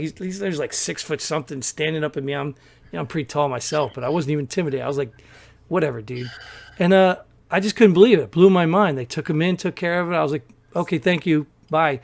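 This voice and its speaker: A man's voice: a little high, fast talker. A man, podcast co-host, casually telling a story and acting out the people in it. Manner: animated storyteller, acts out quoted people.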